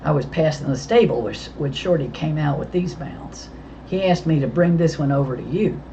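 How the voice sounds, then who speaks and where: A woman's voice: sits low, moderate pace, dark tone, dull audio, slight background noise. Woman reading a blunt young cowboy. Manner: blunt, plain-spoken.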